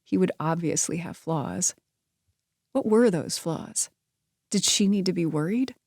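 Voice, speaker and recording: A woman's voice: on the low side, lively intonation, measured pace, gravelly, darkish tone, no room sound, clean studio sound. Woman narrating a romance audiobook.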